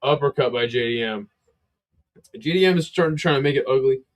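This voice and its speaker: A man's voice: mid-range voice, fairly quick. Tired, cursing man calling fights casually. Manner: tired, laid-back, swears a lot. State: sleepy. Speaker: livestream fight commentator. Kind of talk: casual live play-by-play commentary.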